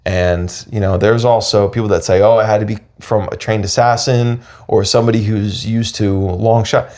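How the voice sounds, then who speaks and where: Low voiced guy cohosting a podcast, rambly, keeps restarting. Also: steady tone, normal speed, darkish tone. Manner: rambling, restarts often, thinks aloud. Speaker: podcast co-host. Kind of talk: casual chat.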